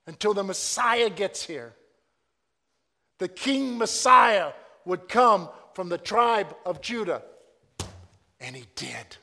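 A man preaching a sermon, swinging between loud proclaiming and hushed, drawn-out asides. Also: sits high, expressive, big-room sound.

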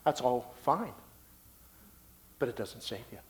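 A man preaching a sermon as pastor of his church. He delivers loud declarations and drops into hushed asides. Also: medium pitch, animated, slow.

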